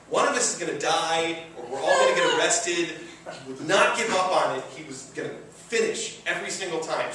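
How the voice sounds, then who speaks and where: A man from Michigan tells a true story on stage, casual and chuckling, with plenty of fillers. His voice sits a touch high for a man. It comes from some way off the mic and rings around a very echoey room. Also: bright, forceful tone, far from the mic, slight background noise. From Michigan, USA. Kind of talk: live comedic storytelling.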